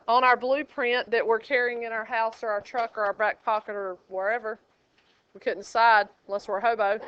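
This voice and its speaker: A sassy woman teacher jokes with her class while walking through problems. Her voice sits high and sounds bright and smooth. The classroom recording is dull and lo-fi. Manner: sassy, teasing and lively with students. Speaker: math teacher.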